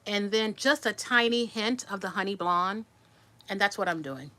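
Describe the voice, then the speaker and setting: This vlogger, a woman in her sixties, shares a personal story with her viewers while recovering from surgery, chatting and rambling, restarting words and answering comments. Her voice is medium-pitched, pushed and bright, at normal speed.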